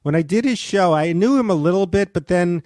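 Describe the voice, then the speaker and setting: Middle-aged comedy guy rambling on a podcast, kinda high voice, stops and restarts a lot, dry mic. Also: expressive, brisk, darkish tone, no echo. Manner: rambling, hesitant storytelling with many restarts. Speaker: comedian guest. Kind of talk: podcast conversation.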